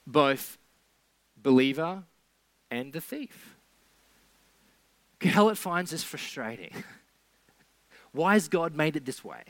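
Conversational preacher, slightly higher man's voice. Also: fairly bright tone, no echo. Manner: conversational with sarcastic asides. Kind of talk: sermon.

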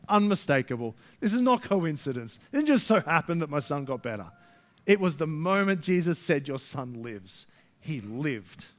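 A man preaching a sermon to his church, emphatic, swinging between loud rising stresses and soft low asides. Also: very animated, moderate pace. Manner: emphatic, rising to near shouts then dropping soft. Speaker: pastor.

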